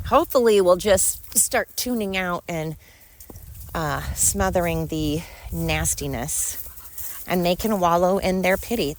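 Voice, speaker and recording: Indignant and sarcastic, a female podcast host rants alone, mocking critics with rhetorical questions in an opinionated monologue. Her voice sits on the low side, with no room sound.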